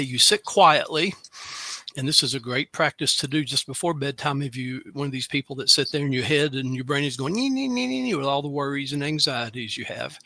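A man from Tennessee calmly guiding a breathing practice, sighing audibly as he exhales. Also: mid-range voice, dry recording. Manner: calm, instructive, with audible sighs. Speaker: free spell segment guest. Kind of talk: guided breathing instruction.

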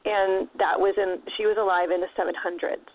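Relaxed woman cohost talking it through, phone-ish sound with a bit of hiss. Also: mid-range voice, a little fast. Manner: relaxed, explanatory, with fillers. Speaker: radio show co-host. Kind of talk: casual chat. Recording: tinny phone-like radio line with faint hiss.

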